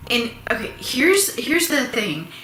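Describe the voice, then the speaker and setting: A woman vlogger telling a personal story in a casual, animated, chatty way, asking her viewers questions. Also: a little high, slow, a little hiss or hum. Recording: echoey room.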